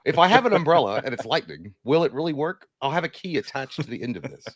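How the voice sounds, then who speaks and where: A man chatting on a casual movie livestream, rambling from one joke to the next and now and then reading an article aloud. His voice sits at a middle pitch. The desk mic sounds close and dry, with no room echo. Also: expressive, quick pace. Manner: rambling, jokey, reads news aloud. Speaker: podcast co-host.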